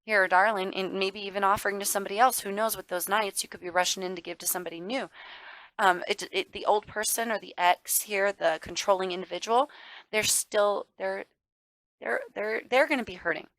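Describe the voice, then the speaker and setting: A woman's voice: medium pitch, fairly quick, fairly bright tone, dry recording, rough recording. A woman giving a casual tarot reading to viewers. She talks emphatically, calls the listener darling and baby, swears now and then, and gets worked up. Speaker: tarot reader.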